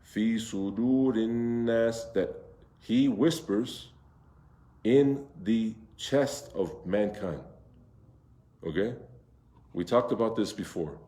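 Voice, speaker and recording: A man leads a class on Quran recitation, stretching out Arabic words and checking back with his students. His voice sits low and mellow. The room around him is echoey. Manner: explains slowly, drawing out Arabic words and asking the class questions. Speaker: imam teaching Quran recitation. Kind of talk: interactive class lesson.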